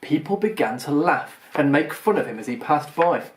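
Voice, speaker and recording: A man's voice: on the high side, expressive, normal speed. Man reading a children's audiobook. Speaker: audiobook reader.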